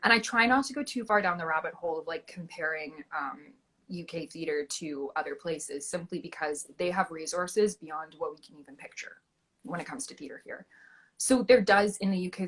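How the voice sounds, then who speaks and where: A young woman talks in a lively, chatty way, her voice bright and a little husky. She keeps her thoughts rolling with fillers and quick restarts, guest on a relaxed interview chat. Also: low-pitched. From Canada. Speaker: guest actress.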